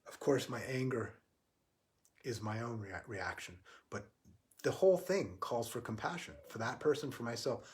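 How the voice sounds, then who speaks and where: A man giving a livestreamed spiritual talk, earnest and halting, often restarting his sentences. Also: mid-range voice. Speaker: spiritual teacher.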